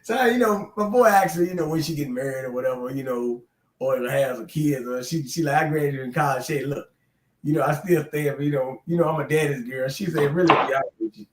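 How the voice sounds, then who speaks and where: Middle-aged guy telling a story, cussing a lot, animated, kinda high voice, roomy echo. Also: fast. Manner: animated, profane, laughs through his stories. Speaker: podcast co-host. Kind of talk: casual storytelling chat.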